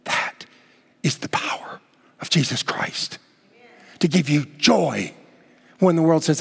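A man preaching a sermon emphatically, swinging between loud exclamations and hushed words. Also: on the high side, animated, takes it slowly, vocal fry, pauses often, breathy edge. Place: church sanctuary. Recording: long reverb of a church hall.

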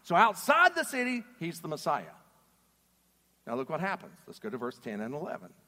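A man preaching a sermon in an animated, emphatic way, putting questions to his audience. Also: a little high, brisk. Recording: reverberant hall.

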